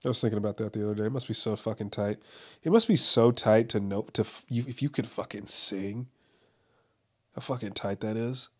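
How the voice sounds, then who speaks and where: Low-voiced rambling casual man. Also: fairly quick. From Los Angeles. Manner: rambling, profane, frequent fillers and restarts. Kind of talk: casual monologue.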